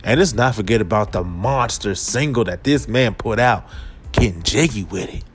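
A man's voice: normal speed, faint music behind. A man hosting a podcast, ranting in a casual, comedic way, swinging his voice up and down. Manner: animated, swings pitch and volume, drops to a low put-on voice at times. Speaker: podcast host.

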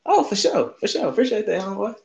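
A man's voice: high-pitched, very animated, quick pace, creaky, dull audio, crowd noise. A man with a Southern US accent hosting a casual chat, talking in laid-back slang and laughing often. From Southern United States. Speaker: podcast host.

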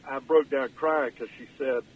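A man's voice: medium pitch, fairly even intonation, normal speed, breathy edge, phone-quality sound. An older man, calling in from his car as a radio guest and telling stories in a folksy, emotional way. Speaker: guest, former governor. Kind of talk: phone-in radio interview.

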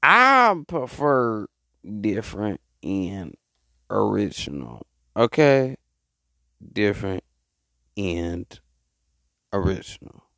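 A man giving casual relationship advice to women in an animated, repetitive, rambling way, often mocking. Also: fairly low pitch, slow pace, gravelly, long pauses, no room sound, studio quality.

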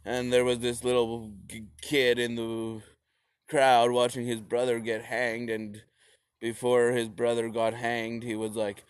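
A man's voice: mid-range voice, completely flat delivery, measured pace, smooth, no room sound. A young man giving a rambling, profane comedic history rant, full of slips and restarts.

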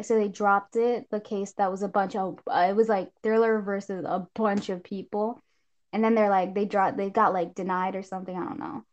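Young woman rambling thru gossip on a podcast, animated, kinda muffled audio. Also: medium pitch. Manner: rambling, animated, quick shifts into shrieking impressions. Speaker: podcast co-host. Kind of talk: casual gossip chat. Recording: dull lo-fi sound.

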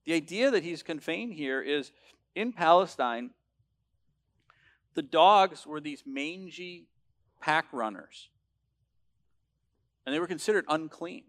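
Emphatic preacher man, fairly high voice. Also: expressive, takes it slowly, pauses often. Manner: emphatic, building to loud declarations with frequent restarts. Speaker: pastor. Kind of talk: sermon.

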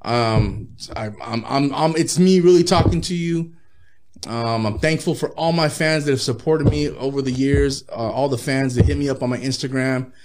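A man's voice: medium pitch, moderate pace, a little mellow. A man, a rapper guest in his thirties, telling profane, laid-back stories with frequent laughs in a casual interview.

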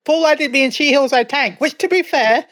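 A man's voice: very high voice, normal speed, fairly bright tone, dry recording. A man chatting casually as a podcast guest, rambling and joking about himself.

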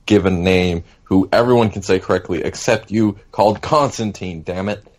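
Deep-voiced man grumbling on a podcast. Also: a little mellow. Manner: grumbling, complaining, drawn-out emphasis. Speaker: podcast co-host. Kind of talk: casual chat.

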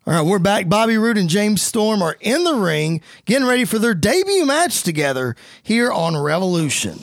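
A man giving energetic, excitable play-by-play commentary and narration for a wrestling game story. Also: high voice, normal speed, gravelly, dry recording, clean studio sound.

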